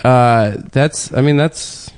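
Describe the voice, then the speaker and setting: A man's voice: mid-range voice, slow, a little mellow, clean tone. A man in a casual podcast chat, dropping dry, offhand quips. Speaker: podcast co-host. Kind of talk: crude casual banter.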